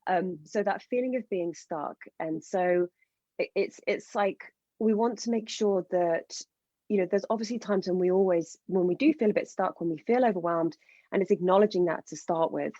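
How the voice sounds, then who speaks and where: Woman coach guest, warm mellow tone, eager and passionate, slightly dull lo-fi recording. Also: lowish voice, moderate pace, dry recording. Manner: passionate, enthusiastic explaining. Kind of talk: podcast interview.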